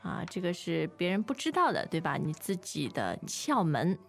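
A woman's voice: lowish voice, huge pitch swings, moderate pace, vocal fry, soft background music. A woman co-hosting a bilingual podcast lesson as the teacher, patiently explaining meanings and readily agreeing with her co-host.

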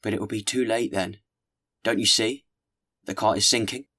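A man's voice: on the low side, fairly even intonation, normal speed, sharp tone. A man voicing an earnest mayor who makes urgent, insistent appeals to a crowd.

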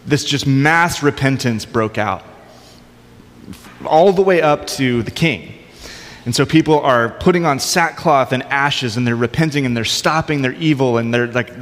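Man, pastor, casual sermon, mid-pitched voice, long hall echo. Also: fairly bright tone. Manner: conversational, informal with light humor.

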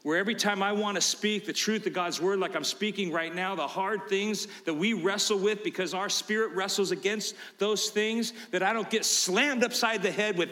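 High-voiced emphatic preacher in a reverberant hall. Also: male voice, animated, unhurried. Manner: emphatic, swinging from low asides to loud preaching. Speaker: pastor. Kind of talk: sermon.

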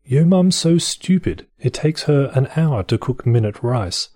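Pompous posh gent, slow and haughty, pitched up high over a dark, husky voice, as a man puts him on. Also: animated, no echo. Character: pompous posh man reciting playground insults.

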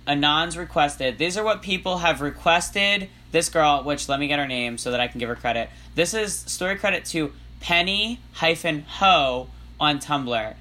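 A man's voice: fairly high pitch, moderate pace, few pauses, bright, forceful tone. A man co-hosting a comedy podcast, rambling and joking with some swearing, and reading fan fiction aloud in a mock-serious narrator voice. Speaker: podcast co-host.

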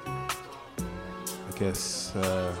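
A young man from London with a London accent and a very deep voice, talking earnestly in a loose, rambling way. Loud music plays clearly behind him, and he is clearly heard over it. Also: very slow. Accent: London English. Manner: earnest, loose, filler-heavy storytelling. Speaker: guest DJ and musician. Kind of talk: casual interview chat. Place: bar storefront with a live audience.

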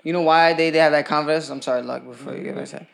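A man chats easily on a casual podcast, with a gravelly fry in his voice. His pitch sits a touch high, and he tosses off jokes among friends. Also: steady tone, very fast. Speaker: podcast co-host. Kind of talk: casual chat.

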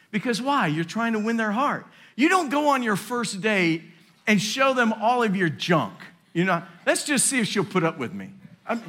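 Lively, bright-voiced male preacher. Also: high-pitched. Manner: preaching with call-and-response asides, builds to shouting. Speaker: pastor. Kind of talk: sermon.

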